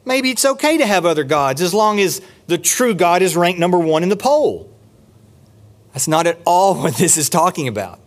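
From the pulpit of a church sanctuary, a pastor delivers a very animated, emphatic sermon. His voice climbs high on key points, then slows into a low, deliberate tone whenever he stresses a phrase.

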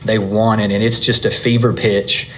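A man's voice: lowish voice, little pitch movement, normal speed, slight background noise. A man teaching a Bible class in a conversational style. He often asks the class questions and checks in with them.

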